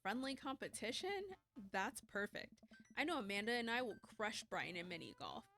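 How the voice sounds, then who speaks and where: A woman's voice: fairly high pitch, big pitch swings, moderate pace, a bit bright, soft background music. A woman streamer reading a dating game aloud with playful, wry asides.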